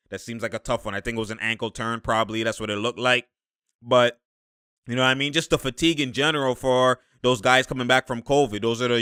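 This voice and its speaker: A young man talking casually and excitably as he reacts to basketball footage, laughing and using slang. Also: medium pitch, clean tone, no room sound, studio quality. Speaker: sports commentator reacting to game footage. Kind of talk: casual live game reaction.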